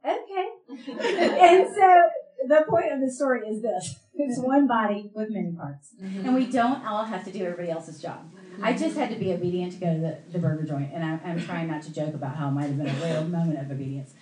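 A woman pastor from the American South, telling a lively story in a sermon and acting out the people in it, with a light Southern accent. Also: lowish voice, a little fast, reverberant, low-quality recording. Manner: animated, laughing storyteller acting out quoted voices.

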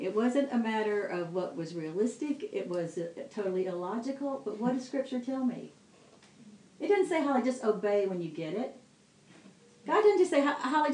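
A middle-aged woman preaching to women, telling a story with lively acted-out dialogue. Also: medium pitch, roomy sound, low-quality recording. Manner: animated storytelling with quoted dialogue. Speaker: women's ministry speaker.

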